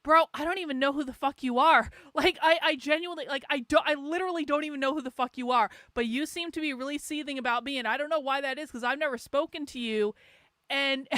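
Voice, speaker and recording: In studio-quality audio with no echo, a middle-aged woman's high, slightly bright, clean-toned voice carries her livestream. She rambles in a casual chat, ranting with sarcasm, plenty of swearing, and laughs.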